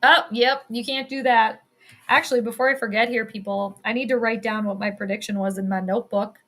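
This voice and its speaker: Bright, excitable woman calling a game. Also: on the high side, a little fast. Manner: excitable, chatty, swears freely, laughs often. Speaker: sports commentator and astrologer. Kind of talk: casual live play-by-play commentary. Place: at home in the evening.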